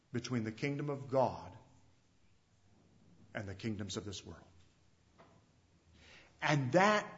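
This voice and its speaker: A man preaching a sermon as pastor, stressing some phrases loudly and letting others drop to a hush, repeating himself and putting direct questions to his listeners. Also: on the high side. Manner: emphatic preaching that swings between loud stresses and hushed, drawn-out endings. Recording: dull lo-fi recording.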